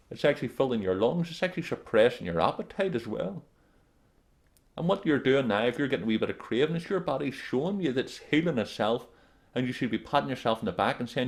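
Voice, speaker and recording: A man's voice: medium pitch, vocal fry. A man working as a life coach, giving a blunt, emphatic motivational talk straight to the camera and repeating his warnings.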